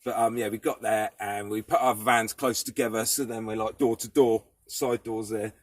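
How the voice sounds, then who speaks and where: Vlogger, adult man, husky, dry close sound, loose sweary ramble. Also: lowish voice, steady tone, normal speed, dry recording. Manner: rambling, swears freely, laughs things off. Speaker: vlogger living in a van. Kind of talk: casual rambling chat to camera. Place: inside his parked van, door open, cold.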